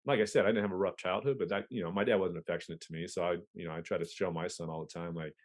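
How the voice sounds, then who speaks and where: A police officer appears as a podcast guest, talking candidly and casually with plenty of profanity and frequent restarts. His low voice stays fairly even in intonation while he speaks rapid-fire.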